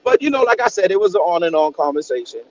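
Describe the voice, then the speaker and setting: Boston man, co-host, high and animated voice, loud storyteller; dull lo-fi stream with crowd behind. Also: fast. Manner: loud, laughing, storytelling trash talk. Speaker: podcast co-host. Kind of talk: casual sports banter.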